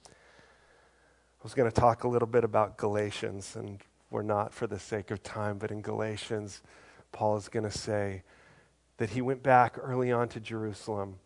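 A man's voice: fairly low pitch, fairly even intonation, unhurried. A man preaching a sermon in a conversational, earnest way, acting out the voices of the people in his stories. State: briefly choked up. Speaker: pastor.

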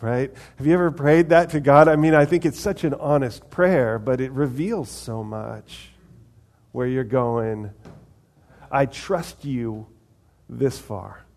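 A man's voice: mid-range voice, unhurried, darkish tone. A man preaching a conversational sermon, asking the congregation questions and acting out little dialogues. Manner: conversational, asks the audience questions, acts out voices of God and people. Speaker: pastor.

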